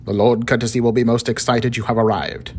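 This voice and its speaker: A man's voice: mid-range voice, flat delivery, fairly quick, a little hiss or hum, natural voice. A man doing a dour, formal Victorian butler. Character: stiff Victorian butler, portly middle-aged man.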